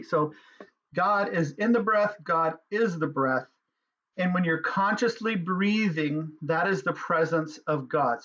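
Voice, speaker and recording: Guy doing a spiritual teaching talk, earnest and slow-ish, bit high, muffled lo-fi audio. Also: a bit bright. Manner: earnest, measured, with pauses and fillers. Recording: dull lo-fi sound.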